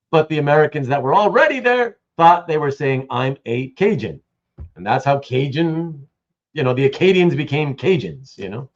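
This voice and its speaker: A Canadian man hosts a casual live stream with a lively, swooping voice that sits a bit high. He tells stories in an animated way and restarts his words often. The audio is dull and lo-fi. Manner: animated storyteller, many restarts. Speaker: host. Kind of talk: casual livestream chat.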